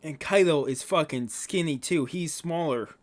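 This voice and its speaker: Excitable swearing man reading manga aloud. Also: fairly high pitch, moderate pace. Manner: swears often, reads text aloud with excited asides. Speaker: manga reaction host. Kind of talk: casual reading and reacting.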